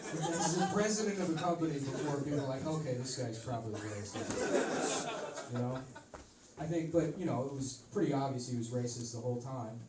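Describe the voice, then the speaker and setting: A man in his thirties doing a stand-up comedy set in a rambling deadpan, now and then breaking into loud shouts. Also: mid-range voice, quick pace, very noisy. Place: comedy club stage with a live audience. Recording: roomy, distant audience recording with laughter.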